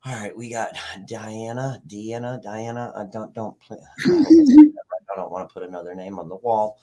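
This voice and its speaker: A man's voice: on the low side, very animated, a little slow, dark tone. A man hosting a casual livestream, rambling and swearing as he greets viewers in the chat. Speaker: livestream host.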